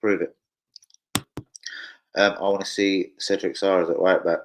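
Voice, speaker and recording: On a rough recording with a little hiss or hum, a young man with a low voice chats at normal speed, with long pauses, on a football fan livestream. He rambles and swears, reading viewer comments out loud as he goes.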